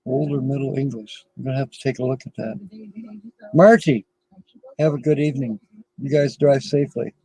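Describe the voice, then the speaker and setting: A man's voice: mid-range voice, brisk, gravelly, pauses often, dark tone, slightly rough, poor audio. A middle-aged man hosting a casual livestream from his RV, rambling and chuckling often as he chats with viewers. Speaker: livestream host.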